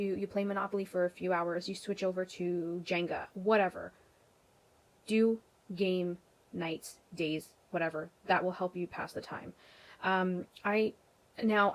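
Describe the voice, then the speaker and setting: This vlogger, a young woman from Canada, talks casually to camera with a lowish voice, rambling a bit and leaning on ums, you-knows and restarts. The recording sounds rough.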